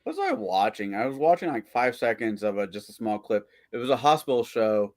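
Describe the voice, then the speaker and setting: A man's voice: medium pitch, sing-song, fairly quick. A man streaming, chatting casually and telling crude jokes, swearing freely and acting out the voices in them. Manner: rambling, swears freely, acts out joke voices.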